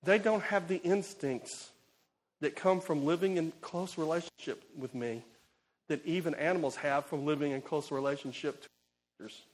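Delivering an expository sermon at normal speed, this man has a slightly high voice. He's animated and emphatic, alternating loud outbursts with quiet asides.

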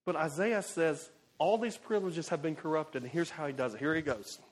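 A man preaching an expository sermon, animated and emphatic, swinging between loud bursts and quiet asides. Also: on the high side, fairly quick.

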